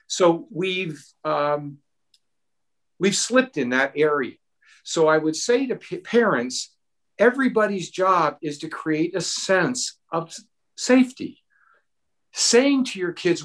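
A middle-aged man answering a question at a town hall, earnest and animated, giving parenting advice with personal stories. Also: high voice, takes it slowly. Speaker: mental health expert.

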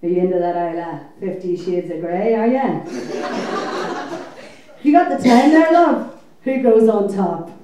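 A leering man fires off nosy, intrusive questions, as a woman puts him on. His voice sits lower than hers, and it echoes heavily from a distance. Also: expressive, a little slow, pauses often, a crowd in the background, close to an everyday voice. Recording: echoey club heard from afar.

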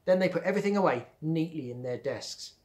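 A bossy, blustering schoolboy who pretends to be tough, pitched well above a grown man's speaking voice, as a man reading a storybook puts him on. He barks his orders and gets loud when he is crossed. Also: animated, quick pace, lightly acted. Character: bossy brash boy who acts tough.

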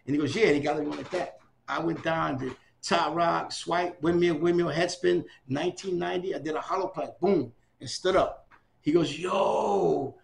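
A man's voice: a little high, normal speed, vocal fry. An older man from New City, telling stories in an oral history interview and acting out the voices of people he quotes. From New York City. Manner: animated storyteller, acts out quoted voices.

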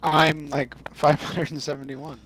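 Bright-voiced joking man in his twenties. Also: on the high side, measured pace, a little hiss or hum, poor audio. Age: 20s. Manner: joking, deadpan teasing. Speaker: streamer. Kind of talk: casual gaming banter.

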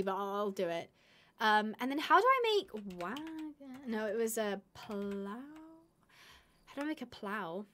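A woman's voice: a little high, bright, forceful tone. A young woman from the UK chatting casually while playing a game on a live stream, rambling and reading out viewer comments. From United Kingdom.

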